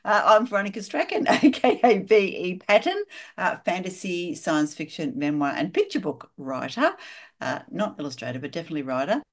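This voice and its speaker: An Australian woman co-hosting a book podcast in casual, chatty talk, full of small fillers and quick laughs. Her voice sits a little low for a woman. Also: big pitch swings. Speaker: podcast co-host. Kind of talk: casual chat.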